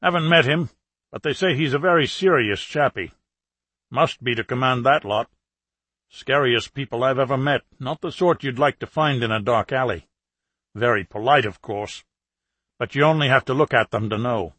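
A man's voice: medium pitch, normal speed, a bit bright, no echo, lightly acted. A man reading an audiobook, voicing a gossipy middle-aged plumber and former soldier. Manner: gossipy, talkative.

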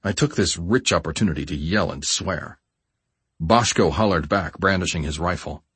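Man, deep voice, husky, dry close sound, measured memoir audiobook narration. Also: no echo. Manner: measured, steady storytelling.

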